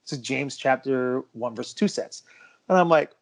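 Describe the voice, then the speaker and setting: Male podcast co-host, mid-pitched, emphatic casual storyteller. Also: moderate pace, vocal fry. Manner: emphatic, insists the story is true.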